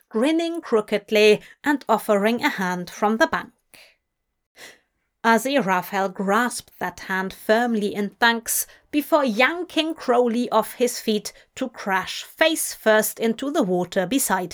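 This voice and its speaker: A woman reading fanfiction aloud as an audiobook, telling the story slowly and deliberately. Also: a little high, expressive. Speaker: audiobook reader.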